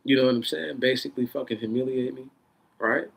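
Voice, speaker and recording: Husky man ranting in profanity. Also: fairly even intonation, quick pace. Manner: profane, rambling, swings between loud bursts and low controlled tones; says he is holding his voice down in a controlled tone. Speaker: vlogger. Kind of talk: unscripted rant.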